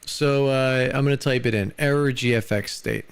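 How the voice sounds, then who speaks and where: A man's voice: mid-range voice, normal speed, vocal fry, clear, resonant tone, no echo. An American man chatting casually on a live stream, loose and rambling, full of "dude" and "like".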